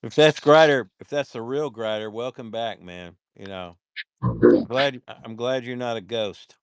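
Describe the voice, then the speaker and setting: Smooth-voiced man rambling in a chat. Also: medium pitch, unhurried, no room sound, studio quality. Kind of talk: casual voice chat.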